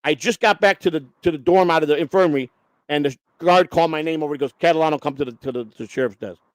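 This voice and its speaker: A man rattles off a story at a quick clip in a fairly high voice, blunt and full of curses. He restarts his sentences often. The sound is close and dry, with no room around it. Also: no echo. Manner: blunt, profane, rambling with many restarts. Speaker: host. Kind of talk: casual storytelling chat.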